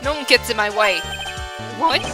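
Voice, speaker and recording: A woman voicing a gruff, bullying loan-shark gangster man who talks in tough-guy slang, over loud game music. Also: on the high side, normal speed, natural voice. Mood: menacing.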